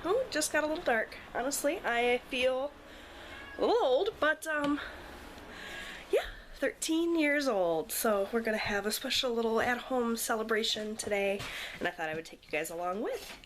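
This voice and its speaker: Chatty mom vlogging at home. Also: female voice, fairly high pitch, lively intonation, moderate pace. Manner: chatty, rambling, frequent ums. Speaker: vlogger, mother. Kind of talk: casual vlog talk to camera. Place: home kitchen. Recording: noisy home video recording.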